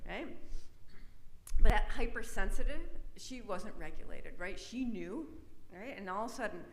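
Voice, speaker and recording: A woman's voice: medium pitch, normal speed. A middle-aged woman presenting an autism awareness talk in a conversational way, often checking in with tag questions. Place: church hall. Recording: echoey hall, long reverb.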